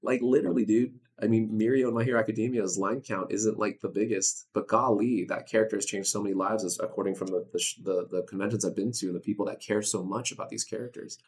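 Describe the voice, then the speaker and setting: Laid-back deep-voiced young man. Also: fast talker, hardly any pauses. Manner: animated, laid-back, says dude and man a lot. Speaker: voice actor guest. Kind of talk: casual interview chat.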